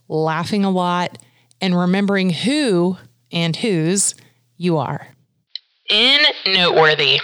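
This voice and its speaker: A woman hosting a podcast, reading a reflective monologue in a gentle, unhurried, thoughtful way. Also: medium pitch, no echo, studio quality. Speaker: podcast host.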